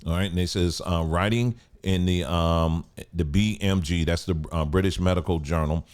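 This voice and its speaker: A man hosting his own channel, talking to camera in a halting, cautious way with many fillers and restarts. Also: deep voice, fairly even intonation, darkish tone. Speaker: channel host. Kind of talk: casual commentary to camera.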